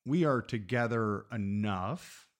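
A man co-hosting a podcast, chatting in a relaxed, wry, teasing way. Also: on the low side, takes it slowly. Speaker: podcast co-host. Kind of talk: candid casual chat.

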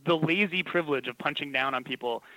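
A man's voice: fairly high pitch, fast talker, pushed and bright, no room sound, low-quality recording. A man telling self-deprecating stories in a casual comedic conversation, often laughing. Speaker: podcast guest, TV writer.

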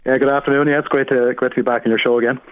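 A man's voice: mid-range voice, no room sound. A man with an Irish accent, a priest, talking as a guest in a chatty phone interview. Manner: quick, chatty, relaxed. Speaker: priest and referee, radio guest. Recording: tinny phone line.

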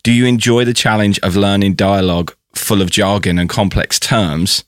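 A man hosting a podcast in a relaxed way, his voice very low, recorded dry and close with no room sound. He reads out a question that a listener sent in. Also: normal speed, no echo. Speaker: podcast host. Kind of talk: casual interview.

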